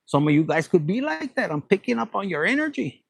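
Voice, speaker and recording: A man's voice: high-pitched, very animated, brisk, gravelly, slight background noise. A man giving a casual tarot reading, playful and profane, dropping Spanish phrases. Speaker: tarot reader.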